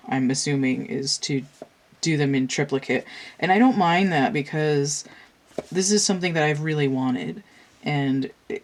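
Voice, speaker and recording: A tarot and oracle card reader with a very deep voice chats casually while doing a card reading. Congested from a cold, she rambles on, full of fillers and restarts.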